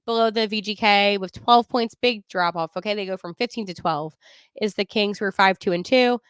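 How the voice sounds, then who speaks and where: Chatty, smooth-voiced woman podcaster. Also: medium pitch, moderate pace, no room sound, clean studio sound. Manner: chatty and opinionated, laughs often. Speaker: podcast host. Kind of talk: casual sports podcast talk.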